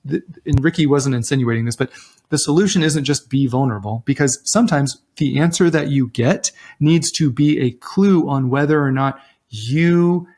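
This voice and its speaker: A man's voice: medium pitch, moderate pace. A man co-hosting a relationship talk show, giving casual advice with lots of restarts and acted-out quotes. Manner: animated, acts out quoted voices, many restarts. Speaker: relationship podcast co-host.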